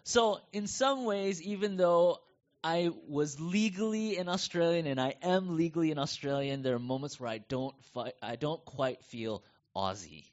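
Through dull lo-fi audio, a middle-aged pastor from the United States, with a North American accent, tells lively stories in a conversational sermon. He speaks at a moderate pace in a voice on the high side.

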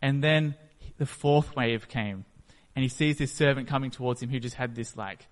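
A man's voice: medium pitch, moderate pace. A man preaching a sermon, retelling a story and acting out its scenes. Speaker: pastor. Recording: echoey hall.

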